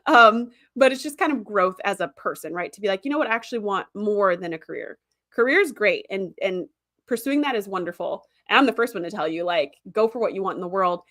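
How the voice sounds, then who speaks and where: A woman's voice: medium pitch, animated, a bit bright, no echo, clean studio sound. A woman hosting a podcast, chatting enthusiastically about a TV series and reading out live chat comments. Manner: chatty and enthusiastic, with frequent fillers and quick asides. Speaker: podcast host.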